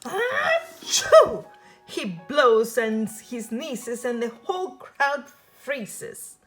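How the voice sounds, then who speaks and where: A woman reading a children's picture book aloud in a slow, expressive, sing-song way. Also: a little high, soft background music.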